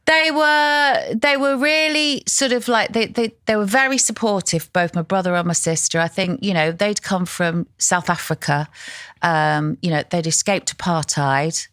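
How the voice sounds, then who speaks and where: A woman's voice: medium pitch, normal speed, a bit bright, no room sound, studio quality. A well-spoken English woman in her fifties from Essex, a television presenter telling stories as a podcast guest and laughing often. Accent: well-spoken southern English. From Essex, England. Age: 50s. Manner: chatty storyteller, laughs often. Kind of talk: casual interview chat.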